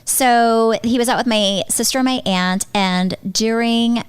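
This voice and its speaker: Woman podcast host, animated self-mocking storyteller, casual chat, dry close mic. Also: fairly high pitch, measured pace, smooth, no echo.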